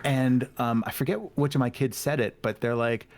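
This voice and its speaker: A man speaks as a guest on a casual podcast, his voice sitting at an ordinary middle pitch. He talks openly and reflectively, slipping into quoted dialogue with playful voices and laughing often. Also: steady tone, normal speed, darkish tone, no room sound. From United States. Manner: candid, self-reflective storyteller who acts out quoted dialogue and laughs often. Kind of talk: casual chat.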